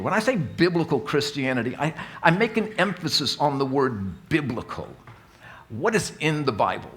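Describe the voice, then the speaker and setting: A man's voice: mid-range voice, a bit bright. A man leading an introductory church course, talking in a folksy, self-deprecating way and often restarting his sentences. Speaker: Alpha course leader. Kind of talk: informal church talk. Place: church hall.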